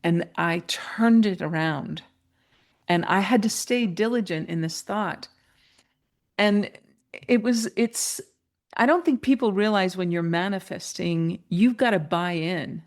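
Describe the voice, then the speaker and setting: A woman guest, a mentor and coach, telling a personal story in an interview, animated and laughing, her pitch jumping up when she gets excited. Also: a little slow.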